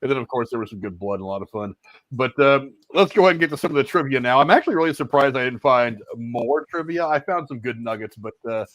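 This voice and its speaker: Swearing podcast host reading movie trivia. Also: male voice, mid-range voice, animated, quick pace, a bit bright, no echo, poor audio. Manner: swears freely, reads out trivia. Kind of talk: casual profane movie review chat.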